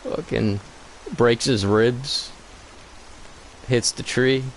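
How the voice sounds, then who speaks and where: A man's voice: mid-range voice, fairly even intonation, drawn-out words, a little hiss or hum, rough recording. A man co-hosting a gaming channel, talking in a loose, rambling, profane way about a cartoon movie. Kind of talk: casual gaming commentary.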